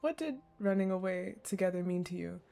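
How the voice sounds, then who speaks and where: A woman streamer reading game dialogue aloud and reacting, animated and swearing freely as she rants to viewers. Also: fairly low pitch, a little fast, gravelly. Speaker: gaming streamer. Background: faint game music.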